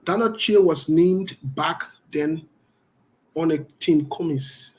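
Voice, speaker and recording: A man's voice: on the high side, takes it slowly, darkish tone, low-quality recording. A man hosting a radio talk show, giving opinionated commentary in a defiant, passionate way and repeating his points for emphasis.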